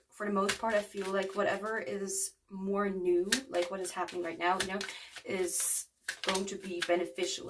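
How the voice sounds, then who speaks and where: A woman's voice: fairly low pitch, recorded from a distance, noisy background. A woman in her twenties giving a casual tarot reading to viewers, rambling with lots of fillers. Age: 20s. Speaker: tarot card reader.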